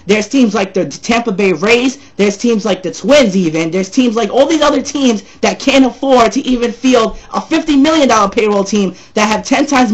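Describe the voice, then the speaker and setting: A man ranting loudly and profanely about sports, repeating himself, his voice a little sore from yelling. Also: very high voice. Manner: loud, profane, repetitive ranting. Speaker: sports ranter. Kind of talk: angry sports rant vlog.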